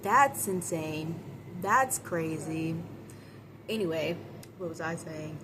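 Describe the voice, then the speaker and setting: A woman giving a casual, animated movie review, chatting with viewers and acting out characters' lines in quick voices. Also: deep voice, noisy background. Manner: chatty, addresses viewers as y'all.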